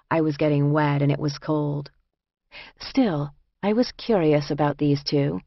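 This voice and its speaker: A woman narrating a first-person audiobook in an even, measured reading. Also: sits low, gravelly, dry recording, highs cut off.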